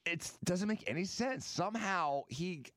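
A man's voice: high voice, measured pace, no echo. A man who works as a surgeon, telling a story in casual studio talk and laughing along the way. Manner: animated, laughs through his own story. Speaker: surgeon and show guest.

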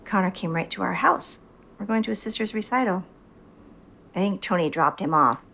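A woman's voice: medium pitch, normal speed, creaky. A middle-aged mother telling a story in an interview, animatedly acting out what she said back then. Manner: animated storyteller acting out her own quotes. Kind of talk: casual interview.

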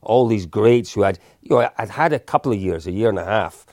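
A man in his fifties, a guest in an interview, telling anecdotes in a relaxed, self-deprecating way. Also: lowish voice, a little fast, no room sound, studio quality. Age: 50s. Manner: anecdotal, self-deprecating, with frequent restarts and chuckles. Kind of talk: casual storytelling in an interview.

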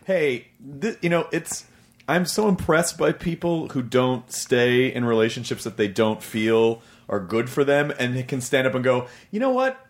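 A man hosting a podcast, chatting in a fast, emphatic way and acting out quotes to make his point. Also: medium pitch. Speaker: podcast host. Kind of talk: casual chat.

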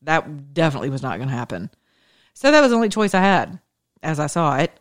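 A woman's voice: sits low, very animated, quick pace. A woman giving an opinionated, chatty monologue to her followers, emphatic and sarcastic. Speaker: political commentator.

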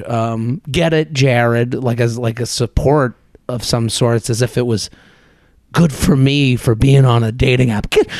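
A man's voice: medium pitch, darkish tone, dry recording, clean studio sound. A man in his thirties hosting a solo podcast, talking in a chatty, rambling, self-deprecating way. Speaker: podcast host.

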